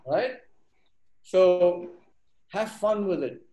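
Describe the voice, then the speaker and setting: A man leading a live workshop tells a fable to his group, with a voice a touch higher than most men's. He slips into voices for the animals and keeps stopping to quiz his listeners. The room around him is echoey. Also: very slow. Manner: animated, acts out characters, quizzes the audience. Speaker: workshop speaker.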